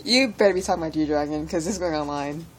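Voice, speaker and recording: A woman's voice: low voice, fast. A young woman filming her roommate at home, giving brief dry replies. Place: home room. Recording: loud hiss on home video.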